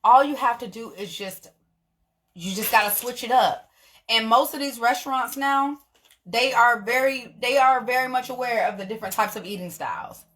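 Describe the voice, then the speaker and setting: Bright-voiced, blunt young woman vlogging. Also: on the high side, moderate pace. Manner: animated, blunt, swears freely, laughs often. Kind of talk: casual monologue to camera.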